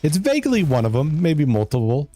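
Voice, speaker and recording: A man's voice: on the high side, huge pitch swings, fairly quick, dark tone, a little hiss or hum. A man streaming a video game live, chatting casually and joking in a rambling way as he answers his chat.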